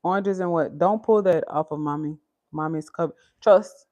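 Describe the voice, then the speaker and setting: A woman hosting a casual livestream from home, her throat a little scratchy from a cold, chatting with viewers as "y'all" while she gently corrects her small child. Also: sits low, moderate pace. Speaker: livestream host.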